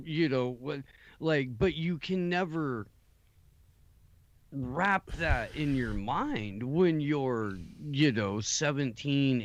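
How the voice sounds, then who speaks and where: A man's voice: medium pitch, no room sound, dull audio. A man hosting a late-night talk show, rambling with many fillers and casual swearing. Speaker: podcast host.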